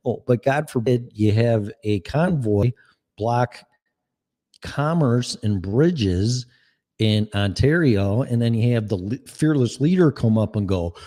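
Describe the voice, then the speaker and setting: A man's voice: medium pitch, expressive, takes it slowly, mellow. A man, giving a profane, sarcastic, exasperated political rant. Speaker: political commentator. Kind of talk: ranting monologue.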